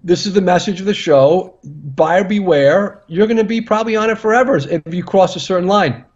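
A man with a fairly high voice talks in an excitable, animated way, tripping over his own restarts as he chats like a doctor guest would. His audio sounds dull and lo-fi, as if it came over a remote connection. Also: fast. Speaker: physician guest expert. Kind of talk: casual chat.

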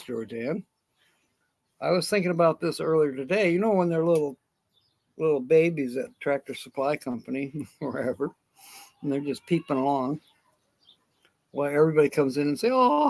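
A man's voice: fairly high pitch, normal speed, vocal fry, long pauses. A man hosting a casual live stream outdoors, rambling and chuckling as he answers viewers by name. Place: outdoors in sunshine.

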